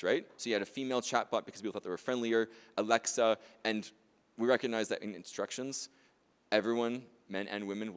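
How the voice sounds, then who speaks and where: A man with a lowish voice and a long reverb tail presents a demonstration workshop at a conference. His lively talk is chatty and jokey, and he keeps checking in with "right?" and "okay?".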